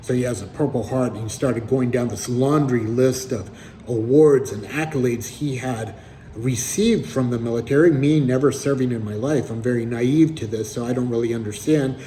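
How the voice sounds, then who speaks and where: Mellow-voiced man telling a story. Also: mid-range voice, moderate pace, slight background noise, rough recording. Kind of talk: casual spoken storytelling.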